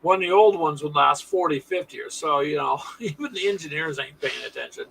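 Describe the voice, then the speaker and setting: Gravelly folksy man hosting a stream. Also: on the high side, brisk, fairly bright tone, a little hiss or hum, low-quality recording. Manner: folksy, sarcastic asides. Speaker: live stream host. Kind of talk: casual chat with viewers.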